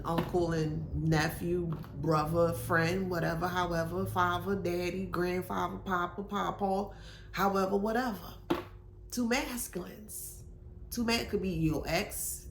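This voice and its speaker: A woman's voice: fairly low pitch, roomy sound, slight background noise. A woman doing a casual tarot reading, musing aloud in slangy speech with sudden exclamations. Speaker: tarot reader.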